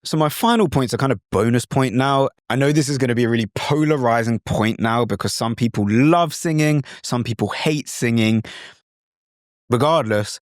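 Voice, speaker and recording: A British man hosting an instructional podcast, talking in a lively, demonstrative way and sometimes slipping into mimicked accents. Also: mid-range voice, moderate pace, no echo, studio quality. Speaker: podcast host.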